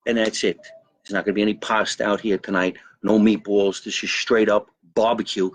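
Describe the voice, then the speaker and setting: Low-voiced New man rambling to viewers. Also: level tone, normal speed, dry recording. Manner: rambling, boastful, greets viewers by name. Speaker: host of a live comedy show. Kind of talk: live-stream comedy monologue. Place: backyard by a grill and pool, outdoors.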